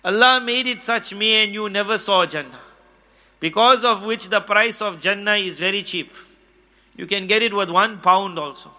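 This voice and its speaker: Male preacher, high voice, very bright tone; chatty storyteller who acts out dialogue. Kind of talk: storytelling sermon.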